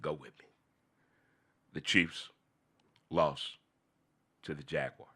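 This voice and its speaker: A man hosting a casual, unscripted midday talk show. He talks in an animated way, repeats phrases and talks to himself. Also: extremely low pitch, slow pace, pauses often, slightly rough.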